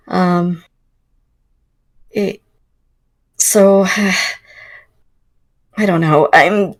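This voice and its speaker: A woman's voice: medium pitch, steady tone, extremely slow, long pauses, low-quality recording. A woman playing a tabletop role-playing game, talking in and out of character with hesitant fillers and frequent laughs. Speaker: player. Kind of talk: tabletop role-play, mixing in-character talk and chat.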